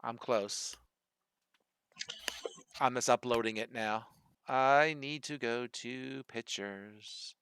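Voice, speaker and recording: A man's voice: medium pitch, steady tone, takes it slowly, pauses often, fairly bright tone, smooth, no room sound. A man with a Philadelphia accent running an online tabletop game as dungeon master, thinking aloud while he reads the rules.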